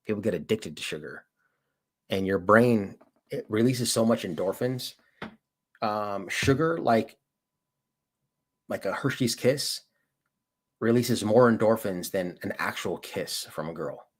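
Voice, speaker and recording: Man, husky voice, fairly low, casual livestream chat, rambling and slangy. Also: unhurried, pauses often. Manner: rambling slangy talk, lots of "dude" and "like". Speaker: livestream host and auditor. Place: lives in Colorado.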